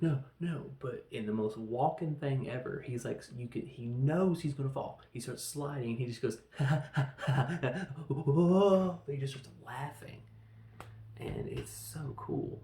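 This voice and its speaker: A man reviewing a film in a casual, rambling way, telling the story with animated, acted-out quotes. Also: medium pitch. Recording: echoey room.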